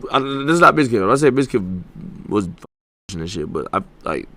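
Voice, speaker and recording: Male streamer, gravelly voice with a lively, swinging pitch, talking in loose, incredulous reaction commentary full of swearing. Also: normal speed.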